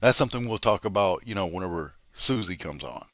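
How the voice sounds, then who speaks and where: A man's voice: low-pitched, animated, brisk, fairly bright tone. A man hosting a drama commentary stream, berating someone in a heated, profane rant.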